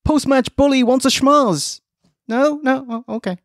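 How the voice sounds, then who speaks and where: A man's voice: very high-pitched, unhurried, no room sound, studio quality. A man co-hosting a wrestling review podcast, wry and joking and often laughing. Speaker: podcast co-host. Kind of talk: comedic wrestling review chat.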